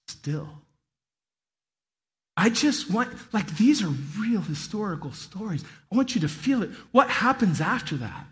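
A man giving a sermon as a pastor, telling stories in a lively way and acting out voices. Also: sits high, big-room sound. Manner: animated storytelling, acts out voices. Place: church hall.

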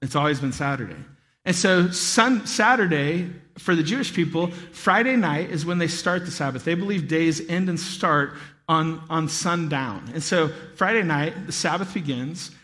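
Bright-voiced man preaching in a hall. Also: on the high side, moderate pace. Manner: animated storytelling, acts out voices. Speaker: pastor. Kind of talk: sermon. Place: church hall.

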